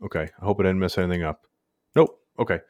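A man's voice: low-pitched, fast talker, darkish tone, no room sound, clean studio sound. A man co-hosting a casual sports podcast, laid-back and slangy, rambling through recaps. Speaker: podcast co-host.

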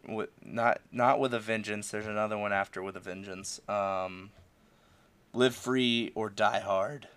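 Animated man in casual movie chat. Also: on the low side, a little slow, clean tone. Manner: animated, swearing, acts out quotes from scenes.

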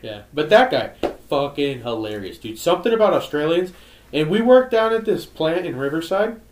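A man's voice: a little high, sing-song, moderate pace, roomy sound, a little hiss or hum. A man co-hosting a podcast in casual chat, rambling with lots of fillers and cursing. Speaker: podcast co-host.

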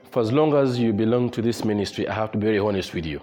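A man's voice: on the low side, rapid-fire, hardly any pauses, music in the background, a crowd in the background. A man preaching a sermon as pastor, repeating his points emphatically and leading the congregation in prayer. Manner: emphatic, repetitive exhortation, leads congregation in prayer. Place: church service with congregation.

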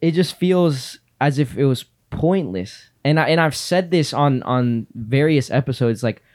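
A man's voice: mid-range voice, expressive, a little slow, darkish tone. Earnest man preaching in casual talk. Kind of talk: casual faith chat.

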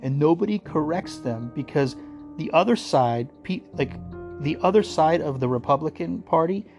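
A man's voice: fairly high pitch, expressive, moderate pace, darkish tone. American guy ranting, swears a ton, sarcastic and combative, faint music under it. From United States. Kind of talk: casual ranting monologue.

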